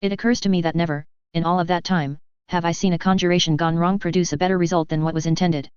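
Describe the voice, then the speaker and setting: A wise, very old wizard headmaster in a storybook reading, as a woman narrator puts him on. He speaks in a measured, courteous way, with a clear voice pitched a little low. The recording sounds a bit dull. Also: fairly even intonation, a little mellow, no echo, lightly acted.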